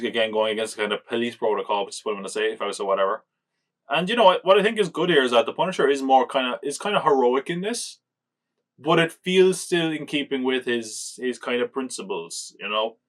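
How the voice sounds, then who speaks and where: A man's voice: medium pitch, a bit bright. A man hosting a podcast, reviewing films in casual chat, rambling and acting out quotes as he retells scenes. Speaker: podcast host.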